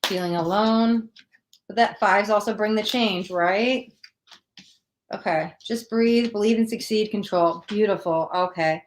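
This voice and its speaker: A woman with a mid-range voice takes her time as she hosts a live psychic tarot reading, talking with viewers and explaining each card she pulls. She's chatty and animated, acting out the voices she quotes.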